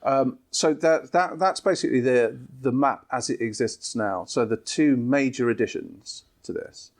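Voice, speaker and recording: A man, an app developer, calmly explaining new features in an interview. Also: medium pitch, unhurried. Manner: steady, explanatory, with fillers.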